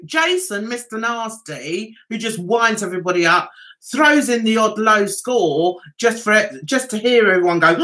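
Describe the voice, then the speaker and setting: A woman's voice: medium pitch, animated, unhurried, a bit bright, poor audio. A woman hosting a casual livestream, chatting with viewers, greeting them by name and giving forthright opinions. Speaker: livestream host.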